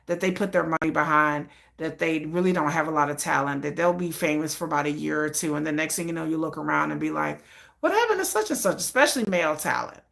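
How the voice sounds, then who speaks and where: A woman hosting a live stream, chatting casually and telling stories in an excitable way, often breaking into laughter. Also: deep voice, quick pace, gravelly, few pauses. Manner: animated, excitable storytelling with frequent laughter.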